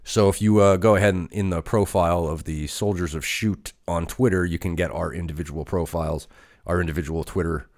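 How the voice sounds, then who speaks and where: A man's voice: deep voice, steady tone, a little fast, a little mellow, no echo, studio quality. A man hosting a podcast, giving a casual solo review of a wrestling show in a loose, chatty way with plenty of fillers. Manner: conversational, with frequent fillers. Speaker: podcast host.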